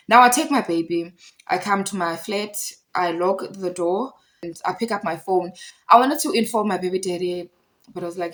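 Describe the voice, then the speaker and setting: A young South African woman, a storyteller vlogger, recounts a conflict in a casual storytime, heated and emphatic, repeating points for effect. Her voice is medium-pitched and a bit bright at a normal speed, and the audio quality is poor.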